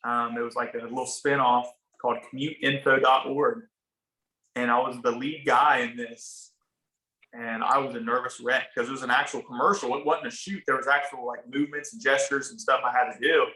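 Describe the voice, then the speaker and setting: A man's voice: mid-range voice, fairly even intonation, moderate pace, pushed and bright. A man in his thirties from a small town in Ohio, with a rural Ohio accent, telling a story in laid-back casual talk, swearing now and then and acting out what people said. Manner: laid-back, swears, acts out quoted dialogue. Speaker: podcast guest, barber. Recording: roomy echoey room.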